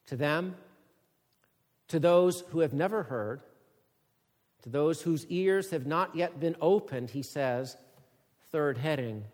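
A high-pitched male preacher with a lively, swooping delivery, taking his time over each phrase. His voice rings out with a long hall reverb as he builds to booming emphasis on scripture. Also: takes it slowly, long pauses. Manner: preaching, booming when reading scripture quotes. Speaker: pastor. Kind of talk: expository sermon.

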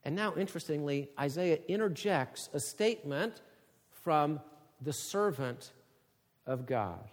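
A man preaching an expository sermon, reading scripture aloud and rising to a loud, emphatic voice on the quoted words. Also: fairly high pitch, long reverb tail. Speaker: pastor.

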